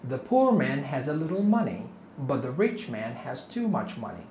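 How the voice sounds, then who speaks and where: A man teaching an English lesson, speaking slowly and patiently and repeating each phrase for learners to copy. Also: medium pitch, big pitch swings, a little mellow. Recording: echoey room with faint noise.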